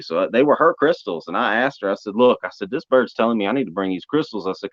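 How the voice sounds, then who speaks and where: Man, deep voice, folksy storyteller, dry close mic with a muffled tone. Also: lively intonation, fairly quick, dry recording. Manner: folksy, repeats "man" and "brother". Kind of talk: casual storytelling. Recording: dull muffled sound.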